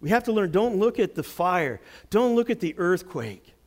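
A man preaching a sermon, telling a Bible story with dramatic swings from loud outbursts to hushed words. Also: high voice, sing-song, moderate pace. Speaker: pastor.

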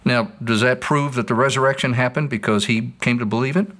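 A man's voice: mid-range voice, fairly even intonation, a little fast, a bit bright. A man patiently explaining his views in a scripted dialogue, using stories. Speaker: apologist answering questions.

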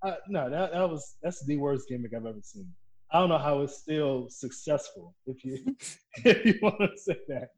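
A man, a pro wrestler guest telling backstage stories in a casual interview, animated, laughing and swearing as he goes. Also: a little high, normal speed.

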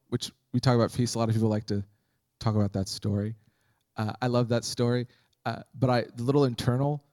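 A man's voice: mid-range voice, a little mellow, dry recording. A man preaching a sermon as pastor, conversational and humorous, acting out Bible scenes.

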